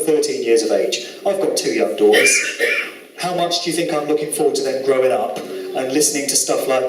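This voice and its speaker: A man with a Southern English accent delivers a lecture in a sarcastic, moralizing tone. His mid-range voice reaches the mic from a distance, with a roomy hall echo and faint background hiss. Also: a little high. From England. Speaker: conference speaker. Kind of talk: live lecture presentation. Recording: echoey hall, mic from far off.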